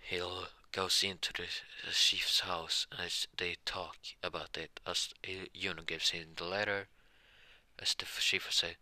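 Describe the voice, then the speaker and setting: A man improvising a fan story narration, halting with frequent restarts and self-corrections. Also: low voice, flat delivery, sharp tone, no echo.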